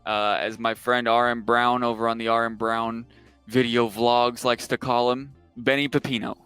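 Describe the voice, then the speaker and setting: A man's voice: mid-range voice, level tone, moderate pace, fairly bright tone, smooth, faint music behind. A young man giving casual, sarcastic and exasperated political commentary on a livestream.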